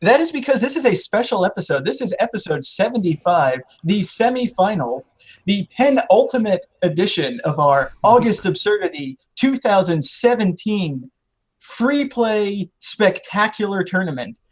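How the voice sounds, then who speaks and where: A man hosts a casual game show podcast with a high, husky voice that swings up and down as he talks. His playful, mock-grand showman delivery keeps the banter moving. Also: big pitch swings, moderate pace.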